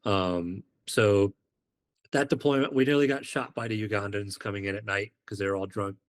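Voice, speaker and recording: Low-voiced man telling war stories. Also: normal speed. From United Kingdom. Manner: animated, acts out quoted dialogue. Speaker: podcast guest, former Marine. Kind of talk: casual storytelling.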